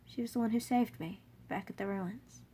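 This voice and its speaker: A woman's voice: fairly high pitch, mellow, slight background noise, lightly acted. A woman voicing a tearful young child who pleads and stammers. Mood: shy, gentle. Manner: halting, stammering, sobbing.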